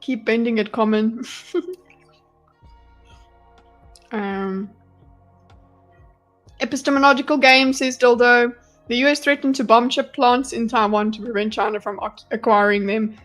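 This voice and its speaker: A woman's voice: a little high, normal speed. A South African woman chatting casually on a live stream from her home, talking freely and swearing now and then. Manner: chatty, animated, swears and laughs often. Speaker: streamer reading chat. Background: faint music.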